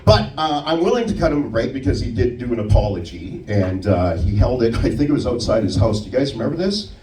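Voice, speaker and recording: A male stand-up comic performs a set on a comedy club stage, animated and fast, with a medium-pitched voice. He tells stories using put-on voices. The sound is roomy, picked up from a distance in the club.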